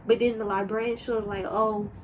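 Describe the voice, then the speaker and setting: A young woman telling a casual storytime, rambling and animated, with sudden high exclamations. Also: moderate pace, background noise. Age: young adult. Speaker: storyteller vlogger.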